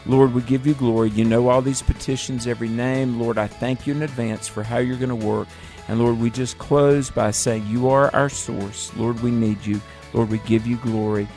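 A man co-hosting a prayer radio show, who speaks in a measured way and leads a closing prayer. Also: mid-range voice, steady tone, darkish tone, soft background music. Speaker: radio co-host.

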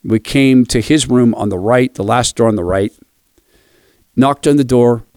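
A man hosting a radio devotional, quietly telling a personal story before closing with a blessing. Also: mid-range voice, unhurried, dry recording, clean studio sound.

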